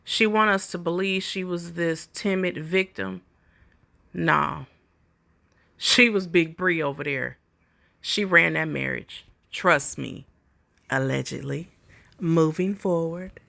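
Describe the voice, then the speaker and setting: A woman's voice: on the low side, takes it slowly, creaky, long pauses, sharp tone. A woman hosting a commentary video, sassy and slangy, addressing her viewers as "y'all.". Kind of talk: casual reaction commentary.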